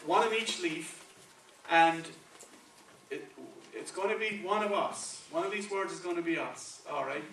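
A Spanish-accented preacher with a high-pitched, fairly bright voice speaks at a measured pace. He delivers his sermon conversationally, regularly checking in with the congregation with "okay" and "right." The echoey church sanctuary is recorded from far off, with slight background noise.

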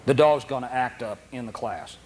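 A man's voice: mid-range voice, moderate pace, slight background noise. A man teaching a dog training seminar, telling stories with frequent laughs and acting out the dogs and handlers. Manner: anecdotal, laughs often, acts out dogs and handlers. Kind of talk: seminar lecture.

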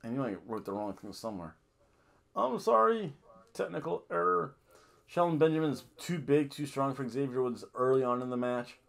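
Podcast host, man, casual rambling recap, corrects himself often, mid-pitched. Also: animated, normal speed, vocal fry, a bit bright. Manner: rambling, self-correcting, jokey asides.

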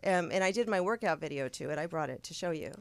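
A woman's voice: on the low side, lively intonation, fast talker, creaky, dry recording. Chatty young woman host, voice jumps around a lot, giggles a bunch while telling stories. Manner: chatty, laughs often, rambling storytelling. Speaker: show host. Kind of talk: casual chat interview.

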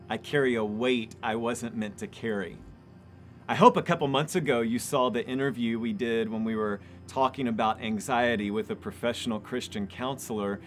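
Man, pastor, sermon, storytelling, repeated emphatic phrases, faint background music. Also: mid-range voice.

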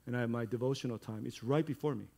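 A middle-aged male pastor giving a sermon in a conversational way, building to loud, emphatic stretches. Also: mid-range voice, rapid-fire, creaky.

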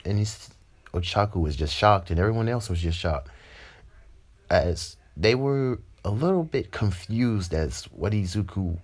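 A man's voice: fairly low pitch, expressive, a little slow. A young man narrating an improvised fan story in a rambling, self-correcting way.

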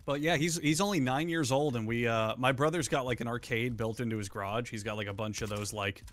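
A man's voice: medium pitch, fairly quick, fairly bright tone. A man hosting a gaming stream, chatting casually and telling long rambling stories with plenty of swearing. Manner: rambling storyteller, swears freely. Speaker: streamer host. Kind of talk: casual chat while gaming.

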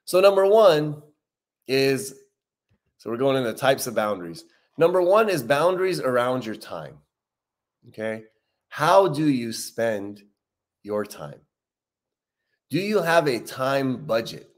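In a casual livestream, a man with a mid-range voice hosts a recovery talk in an easy, conversational style. He repeats key points for emphasis and slows down on the important lines.

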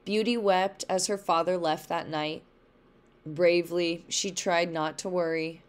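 A woman teacher reading a storybook aloud for a lesson, slow and careful. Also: lowish voice, fairly even intonation, smooth. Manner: slow, careful read-along pace.

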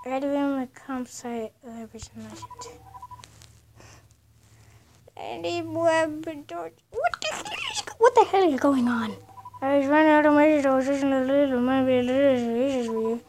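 A woman's voice: high voice, a little slow, a little mellow, a little hiss or hum. A woman playing a horror game and commentating casually, rambling and nervous as she goes. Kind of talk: casual let's-play commentary.

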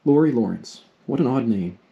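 A man voicing a lively, frank teenage girl, eager and a little awkward, as he reads a storybook aloud. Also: mid-range voice, moderate pace, creaky, muffled recording. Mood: candid.

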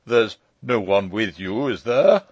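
A pompous old gentleman holds forth in a long-winded lecture, as a man reads him aloud. His pitch swings widely as he drones on. The audiobook recording is dry and a little dull. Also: big pitch swings, slow, no room sound, full character voice. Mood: anxious. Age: older. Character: pompous elderly male lecturer, self-important.

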